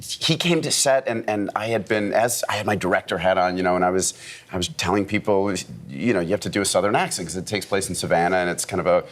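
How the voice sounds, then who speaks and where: A man in his thirties, a guest actor and director, chatting on a morning talk show in a jokey, animated way. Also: deep voice, fast. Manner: animated, jokey, acts out quoted voices. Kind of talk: casual talk-show interview.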